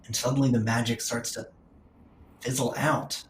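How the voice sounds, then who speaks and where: A man's voice: medium pitch, flat delivery, normal speed, reverberant, rough recording. A man running a tabletop game as game master, describing scenes with sound effects and hesitations.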